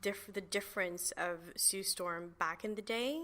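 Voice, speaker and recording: A woman hosts a relaxed podcast conversation. Her voice is bright and clear, and her speech is loose and chatty, full of "like" and "you know.". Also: medium pitch, unhurried. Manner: chatty, laughs often, many fillers. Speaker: podcast host. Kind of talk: casual chat.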